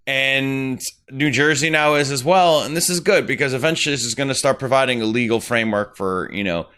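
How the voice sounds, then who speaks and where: A man co-hosting a casual crypto podcast, talking in a relaxed, rambling and joking way. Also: mid-range voice, clean tone. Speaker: podcast co-host. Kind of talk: casual chat.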